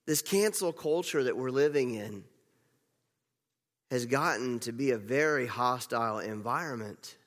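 A man's voice: medium pitch, lively intonation, unhurried, fairly bright tone. A male pastor giving a conversational sermon, repeating phrases for emphasis. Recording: long reverb of a large hall.

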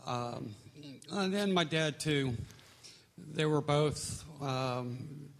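A man giving a personal testimony, measured and hesitant, with many pauses and fillers. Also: on the high side. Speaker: church member sharing a testimony.

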